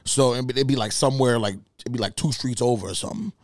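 A man hosting a podcast alone, telling stories in casual, profane, animated talk with laughs. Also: medium pitch, fast talker, no echo, clean studio sound. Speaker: podcast host. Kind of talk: casual solo storytelling.

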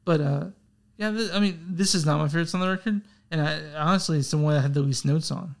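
Brief: young male co-host, a little high-voiced, rambles and curses in loose music chat. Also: fast talker, creaky. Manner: rambling, swearing, self-deprecating. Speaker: podcast co-host. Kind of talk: casual chat.

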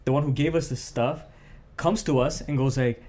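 A young man from Canada, co-hosting a podcast, tells a story in casual chat and acts out the quotes. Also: moderate pace. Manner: animated, acts out quotes with raised pitch. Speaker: podcast co-host.

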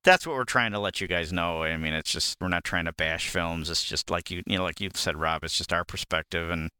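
A man co-hosting a casual movie podcast, agreeable and quick to affirm, with stumbling starts. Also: low-pitched, pushed and bright, clear, resonant tone, no echo. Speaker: podcast co-host, movie reviewer. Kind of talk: casual chat.

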